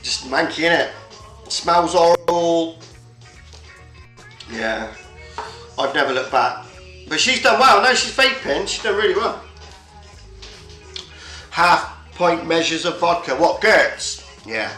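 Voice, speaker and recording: Sweary man, bright and roomy. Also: a little high, sing-song, unhurried, pauses often. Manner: sweary, rambling, colloquial. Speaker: livestream host. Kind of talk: casual chat. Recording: roomy echo, faint music behind.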